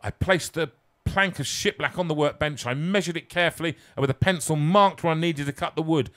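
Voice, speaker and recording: A man reads his own comic story aloud in a theatrical, self-mocking way. He drops to hushed asides and builds to loud, excited peaks, with a fairly high-pitched voice. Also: brisk.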